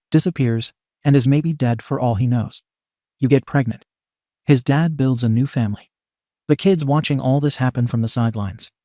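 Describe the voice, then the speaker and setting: A man narrating a story in an even, steady scripted read. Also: mid-range voice, dry recording, clean studio sound.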